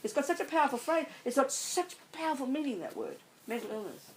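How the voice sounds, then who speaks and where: A woman's voice: high voice, big pitch swings, quick pace, a little hiss or hum, poor audio. A woman, a Buddhist nun, giving an emphatic, blunt dharma talk to a group. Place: meditation centre hall.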